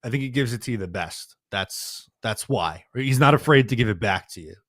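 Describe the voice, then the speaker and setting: Man from long island, mid-pitched, easygoing podcast host, dry close sound. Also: expressive, brisk, fairly bright tone, no room sound. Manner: easygoing, steers the conversation. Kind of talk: casual sports podcast chat.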